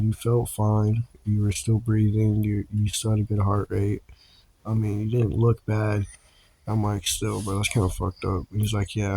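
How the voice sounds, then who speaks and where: A man's voice: fairly low pitch, vocal fry, warm tone, rough recording. A young man casually telling a personal story to camera, slangy and profane, in a laid-back way. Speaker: storytime vlogger.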